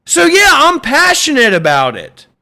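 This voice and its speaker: A man's voice: very high-pitched, huge pitch swings, measured pace, creaky, sharp tone. A man hosting a livestream, ranting in an intense, profane and combative way. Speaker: livestream host, former monk. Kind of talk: livestream rant.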